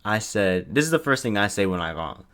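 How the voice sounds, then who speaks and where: A young man casually retelling a personal story in a storytime vlog, animated and profane, full of slang and acted-out quotes. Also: on the low side, fast.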